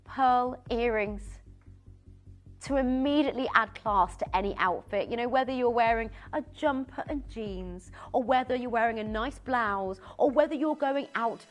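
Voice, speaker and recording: A woman presenting on a live shopping channel, gushing and excitable, chatting with many restarts. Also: fairly high pitch, normal speed, few pauses, faint music behind. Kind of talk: live TV sales pitch.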